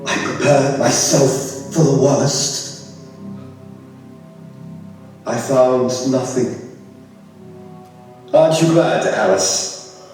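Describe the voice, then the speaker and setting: A man's voice: mid-range voice, drawn-out words, pauses often, darkish tone, distant mic, soft background music. An actor playing a grieving widowed father sliding into madness, with a theatrical, anguished stage delivery, recorded from afar on an echoey theatre stage. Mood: brooding. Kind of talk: stage musical acting with narration.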